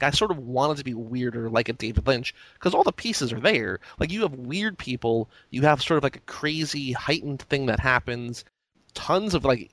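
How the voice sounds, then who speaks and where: A man's voice: mid-range voice, fairly bright tone. A man in casual film talk who circles his point with lots of "like" and restarts. The room is dry, with no echo. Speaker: podcast co-host.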